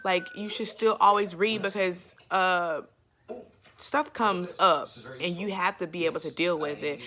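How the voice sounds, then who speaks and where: A young woman rambles candidly in a casual vlog, her speech full of "like" and "you know." Her voice is bright and sits a little low for a woman. Faint music plays underneath. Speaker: vlogger sharing faith and motherhood.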